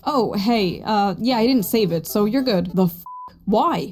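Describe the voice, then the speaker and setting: A woman's voice: mid-range voice, big pitch swings, unhurried, a little mellow, soft background music. A woman reading out text messages in a snarky voice-over, blunt and sarcastic in her commentary. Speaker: narrator reading texts aloud.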